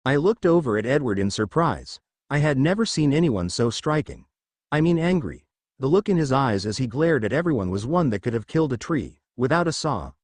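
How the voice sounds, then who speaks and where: A man reads first-person fan fiction aloud in a steady storytelling voice. His middle-pitched voice moves in lively contours, recorded close with no room sound. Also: a little fast, dry recording. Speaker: narrator.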